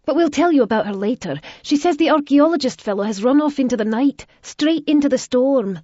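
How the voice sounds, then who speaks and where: A woman's voice: mid-range voice, expressive, brisk, a little mellow, breathy edge, dry recording, muffled recording, pitched above the performer's own voice. A woman voicing an eager, determined young girl in a romance audiobook. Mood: urgent.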